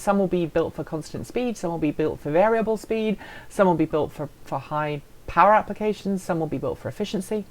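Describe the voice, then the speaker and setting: Woman, low-ish voice, playful self-deprecating live stream host reading chat. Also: a little mellow.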